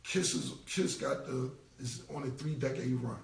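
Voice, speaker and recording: Blunt, gravelly-voiced New man ranting. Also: mid-range voice, normal speed, reverberant, distant mic. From United States. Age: 40s. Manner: blunt, repetitive street talk. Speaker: rapper. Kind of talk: casual Instagram live rant.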